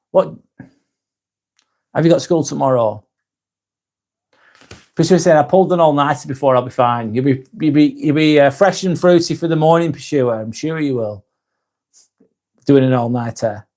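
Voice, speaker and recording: A man's voice: on the high side, moderate pace, long pauses, darkish tone. A young man with a Northern English accent, hosting a casual live stream, joking and swearing lightly as he reads viewer comments aloud, tired late at night. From north of England.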